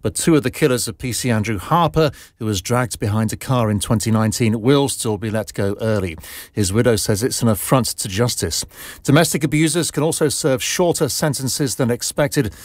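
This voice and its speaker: A male newsreader reading a scripted bulletin in a measured, formal way. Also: medium pitch, dry recording.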